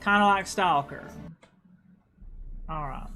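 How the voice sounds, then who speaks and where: A woman's voice: fairly low pitch, takes it slowly, pushed and bright, soft background music. A woman with an Appalachian accent from Appalachia, chatting casually on a livestream as a game streamer and rambling with stammered restarts and repeated words.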